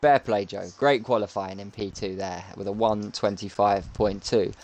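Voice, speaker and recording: A man's voice: lowish voice, fairly even intonation, normal speed, a little mellow. Chatty man calling a sim race. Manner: chatty, jokey play-by-play. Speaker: sim racing commentator. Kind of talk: live race commentary. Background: music.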